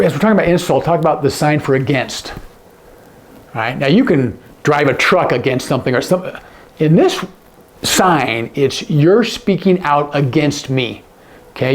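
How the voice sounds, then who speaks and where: A man teaching sign language to camera, explaining each sign and often dropping to a hush on the example words. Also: on the high side, vocal fry.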